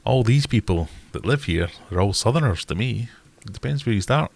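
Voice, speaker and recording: Deep-voiced Glaswegian man, chatty host. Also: lively intonation, a little fast, gravelly, a little mellow. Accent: Scottish, Glaswegian. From Scotland. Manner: chatty, jokey, rambling. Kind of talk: casual live-stream Q&A chat.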